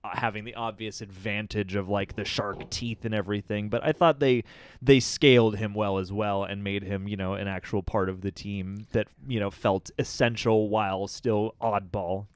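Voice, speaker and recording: A man's voice: fairly low pitch, fairly even intonation, normal speed, smooth, dry recording. A man co-hosting a casual spoiler review, giving thoughtful, rambling analysis full of filler phrases. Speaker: film review show co-host.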